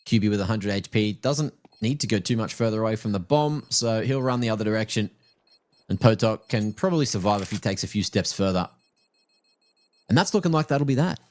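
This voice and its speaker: Brief: male play-by-play esports caster, lowish voice, joking and teasing between calls, faint noise behind. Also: lively intonation, brisk, darkish tone. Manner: playful, teasing asides. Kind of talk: live esports play-by-play commentary.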